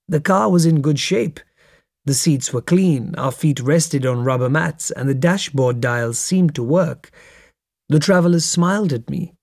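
A man reading a memoir aloud in a measured, steady storytelling manner. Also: mid-range voice, no room sound, studio quality. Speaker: narrator. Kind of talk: memoir audiobook narration.

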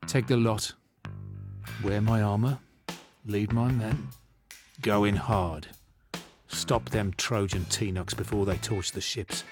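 Bloke doing a sulky brummie achilles, proud warrior, lowish voice that blows up into yelling, music under it. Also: male voice, fairly even intonation, takes it slowly, long pauses. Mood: commanding. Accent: Birmingham. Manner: volatile, swinging from sulky mutters to shouting. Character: proud sulking Greek warrior hero, man. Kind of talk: radio drama acting.

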